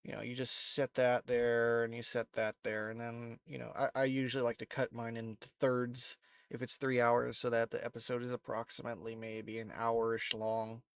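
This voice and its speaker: A man with a stuffy, nasal voice, thick with allergies, talks through a screen-recorded tutorial in a loose, rambling way. His pitch sits in a middling range. The sound is dry and close, with no room echo. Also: gravelly, clear, resonant tone. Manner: rambling, relaxed, self-correcting. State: stuffy with allergies, sniffling and coughing. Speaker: video creator. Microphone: desk microphone.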